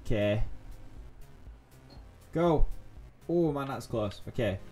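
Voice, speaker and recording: Excitable young man narrating gameplay. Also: medium pitch, takes it slowly. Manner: excitable, thinks aloud, repeats himself. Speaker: gaming YouTuber. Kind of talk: let's-play commentary. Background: faint game music.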